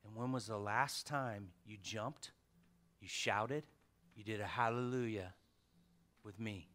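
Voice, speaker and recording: A man in his thirties preaching a casual sermon, swinging from loud exhortation to hushed emphasis. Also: lowish voice, takes it slowly.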